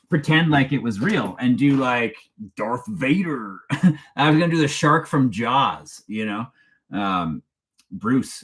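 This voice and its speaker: A man's voice: lowish voice, a bit bright. A man, hosting a casual live-stream chat in a rambling, chatty way and laughing often as he reads viewer questions aloud. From Canada. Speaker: true crime channel host.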